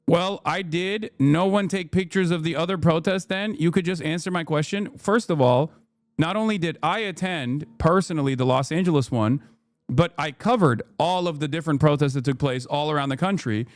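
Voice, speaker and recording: A man's voice: a little high, a little fast, no echo. A man, ranting and swearing as he comments on a livestream. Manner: heated, ranting, swears often. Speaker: streamer.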